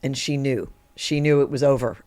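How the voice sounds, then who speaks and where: Animated woman telling showbiz stories. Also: rumbling low, normal speed. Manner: animated, acts out quotes in her story, laughs easily. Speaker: actor, podcast guest. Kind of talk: conversational interview storytelling.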